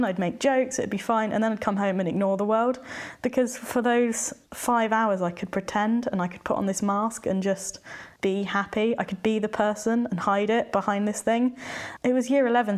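A young woman from England speaking candidly as an interview guest, retelling her experiences and acting out her past thoughts. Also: mid-range voice. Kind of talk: personal testimony in conversation.

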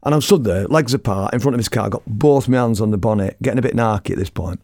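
A middle-aged man tells a story in a blunt, lively, self-mocking way. His voice sits low and has a gravelly rasp. The sound is dry and close, with no room in it. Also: fast, dry recording. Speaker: radio presenter and storyteller. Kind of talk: casual anecdotal storytelling.

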